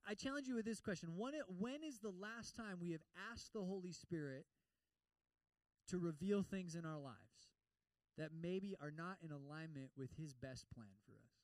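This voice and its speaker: A male pastor giving a lively sermon, acting out prayers in other voices and slipping in humor. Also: sits high, moderate pace, no echo, far from the mic, rough recording.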